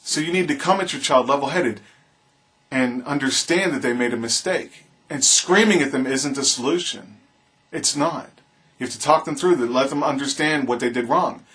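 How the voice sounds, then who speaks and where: A man's voice: mid-range voice, normal speed, a bit bright. A man vlogging his opinion in an impassioned, preachy monologue, repeating his appeals to the viewer. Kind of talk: earnest opinion monologue to camera.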